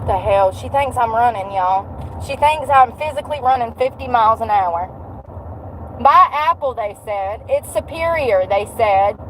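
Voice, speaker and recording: Blunt sarcastic woman, slightly high voice. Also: animated, normal speed, a bit bright, slight background noise, poor audio. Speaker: vlogger. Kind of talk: casual vlog rant.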